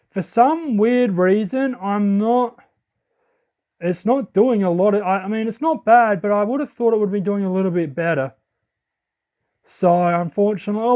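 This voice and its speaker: A man giving excitable, casual commentary while playing a game. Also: high-pitched. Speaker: let's play host. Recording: lo-fi audio.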